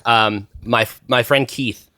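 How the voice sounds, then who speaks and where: A man in his thirties talks casually as a guest, circling through his stories with plenty of fillers and false starts. His voice sits at a middling pitch and is recorded close and dry, with no room sound at all. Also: steady tone, slow pace, pushed and bright, no echo. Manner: rambling storyteller, many fillers and restarts. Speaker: podcast guest, musician. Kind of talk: casual chat.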